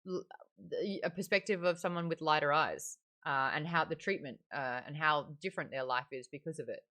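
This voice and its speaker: Brief: chatty female book club host, low-ish voice, bright tone. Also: fairly quick. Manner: chatty, animated, laughs often. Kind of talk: casual book discussion.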